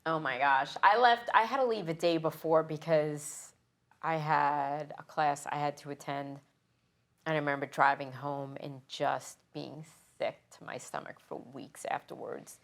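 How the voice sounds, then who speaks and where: Low gravelly woman, firefighter from new york, talks slow and emotional, kinda halting. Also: steady tone. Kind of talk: interview, personal recollection.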